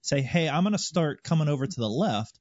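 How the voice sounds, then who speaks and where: A man's voice: on the high side, expressive, fairly quick, a little mellow, husky, no room sound. A man and former pilot recounting a flight in a casual group interview, explaining carefully with stammered restarts. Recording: dry, dull lo-fi audio.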